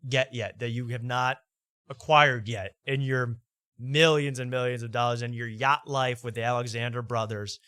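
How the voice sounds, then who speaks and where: A man's voice: mid-range voice, steady tone, moderate pace, pushed and bright, smooth, no echo, clean studio sound. A man hosting a talk show, ranting sarcastically over clips and repeating himself.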